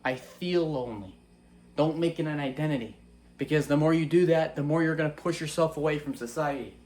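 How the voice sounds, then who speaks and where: A man's voice: a little high, fairly even intonation, fast talker, a little mellow. A young man giving an earnest, casual faith-based monologue that is full of rhetorical questions. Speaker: Christian vlogger.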